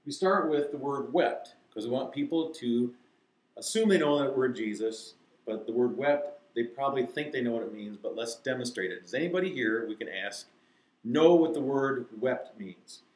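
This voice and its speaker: A man explaining to teachers how to teach a verse to children, acting out slow, deliberate recitation. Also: mid-range voice, reverberant, rough recording. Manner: demonstrates, reciting key phrases slowly and deliberately. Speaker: Bible teacher. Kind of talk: instructional talk to teachers.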